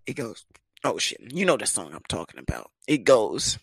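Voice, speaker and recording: A young man from the United States telling a comedic personal story, swearing freely and jumping into high voices to imitate others. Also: big pitch swings, moderate pace, vocal fry, breathy edge, dry recording.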